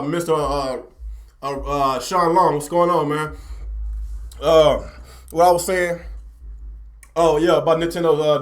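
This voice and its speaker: A young man with a fairly high voice hosts a gaming livestream. He rants to his viewers in a loose, repetitive way and keeps calling out to them directly. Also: a bit bright. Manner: talkative, repeats himself, addresses chat directly. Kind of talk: casual livestream rant.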